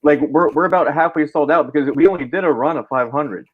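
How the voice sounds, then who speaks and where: A man's voice: on the high side, quick pace, breathy edge, no echo, phone-quality sound. A man appearing as a guest on a casual livestream, explaining things in a laid-back way with many fillers. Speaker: comic creator guest.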